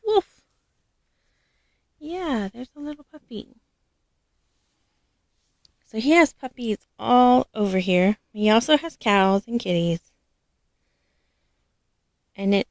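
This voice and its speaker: A woman showing off her doll collection in a casual vlog, gushing and affectionate, with frequent soft laughs. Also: mid-range voice, creaky, no room sound, clean studio sound. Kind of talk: casual show-and-tell vlog.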